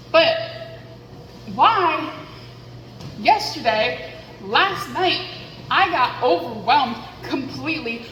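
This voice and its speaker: A woman's voice: high-pitched, bright, forceful tone, roomy sound, long reverb tail, a little hiss or hum, rough recording. A woman vlogging into a headset mic, rambling candidly and poking fun at herself as she thinks aloud. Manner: chatty, self-deprecating, thinks aloud.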